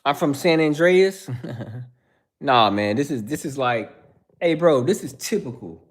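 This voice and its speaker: This man hosts a livestream and replies to chatters by name, sounding heated and preachy while tossing "bro" into nearly every line. He speaks on the high side, expressively and a little slowly, in a casual way.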